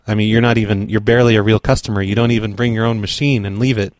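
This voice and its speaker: A man making a prank phone call, pushy, rude and deadpan. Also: fairly low pitch, rapid-fire, no room sound, clean studio sound. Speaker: prank caller.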